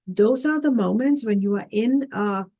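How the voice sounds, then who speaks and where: Woman, life coach, casual teaching, earnest, repetitive, mellow tone. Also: on the high side, normal speed. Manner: earnest, repeats words, frequent "okay?" and "right?".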